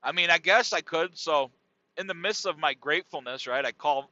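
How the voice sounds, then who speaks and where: A middle-aged podcast host talks at normal speed through a laid-back comedy monologue that rambles and swears. His voice is a little high, bright and forceful. The sound is dull, dry and lo-fi.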